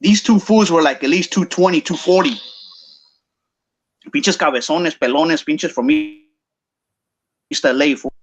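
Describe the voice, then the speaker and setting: A man's voice: a little high, very animated, slow, long pauses. A man with a Chicano English accent telling a story casually, slangy and mixing English with Spanish.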